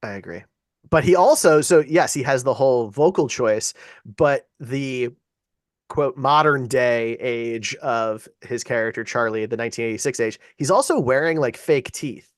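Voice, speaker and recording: A man's voice: mid-range voice, moderate pace, dry recording. Agreeable man on a dry mic. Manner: agreeable, chatty, trivia-sharing. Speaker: podcast co-host. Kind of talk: casual chat.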